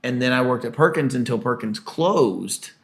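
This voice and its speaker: Gravelly man telling a long work story. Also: mid-range voice, moderate pace. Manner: animated storyteller, acts out quoted people loudly. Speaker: podcast co-host. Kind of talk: casual storytelling chat.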